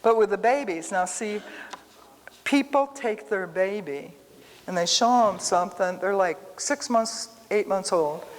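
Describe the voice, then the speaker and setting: A female Bible teacher with a mid-range voice talks at a measured pace, giving a casual, story-filled sermon straight to the people in the room. The church hall echoes noticeably, and there's slight background noise.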